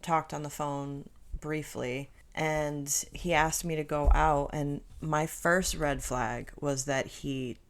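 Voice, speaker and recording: A woman co-hosting a podcast, telling personal stories in casual chat with emphatic, animated delivery. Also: low voice, slow pace, hardly any pauses. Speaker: podcast co-host.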